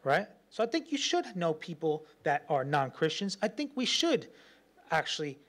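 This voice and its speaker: Animated, laughing male pastor preaching. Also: on the high side, normal speed. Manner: animated storytelling, laughs often, acts out quotes. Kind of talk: sermon.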